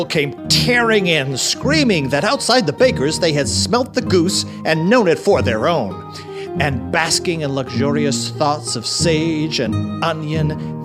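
A man narrating a classic story aloud in an animated storytelling manner. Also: fairly high pitch.

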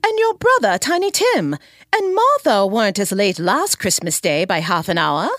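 Busy fussy mum, woman putting it on, voice pitched up and lively. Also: normal speed, no echo, clean studio sound. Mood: fussing. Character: bustling warm working-class mother.

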